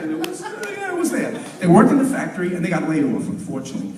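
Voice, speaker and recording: An older New man does stand-up in a library hall, chatty and animated. His high voice swings up and down a lot, with a mellow tone. He is heard from a distant mic with plenty of room echo. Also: fast, crowd noise. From Long Island, New York. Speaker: comedian. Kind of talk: stand-up storytelling. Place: library hall, talent show. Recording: roomy hall, mic far off.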